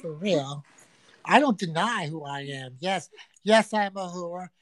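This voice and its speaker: A woman's voice: on the low side, lively intonation, measured pace, no room sound. Brash, crude-talking woman livestreaming. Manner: brash, crude, teasing banter. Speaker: livestream host. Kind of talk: casual livestream chat. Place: a friend's home.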